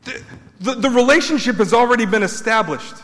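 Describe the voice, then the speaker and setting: A man preaching a sermon, building emphatic repeated points and then dropping his voice low. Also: fairly quick, a bit bright, in a large hall. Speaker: pastor.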